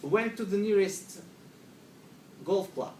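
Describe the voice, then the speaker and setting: A man's voice: sits high, slow pace. Russian-accented man telling a funny story. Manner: animated, acts out panicked quotes, slightly broken English. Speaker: speaker telling a humorous story to an audience. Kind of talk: humorous storytelling speech. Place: room with a live audience. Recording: echoey room from far off, noisy ambience.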